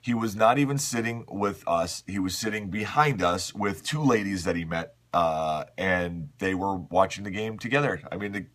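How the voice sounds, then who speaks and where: A man hosting a daily morning show, talking quietly and casually to the camera at home, his voice rough and tired. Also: sits low, moderate pace, hardly any pauses. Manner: speaking softly and a bit hushed. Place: at home, seated in a chair.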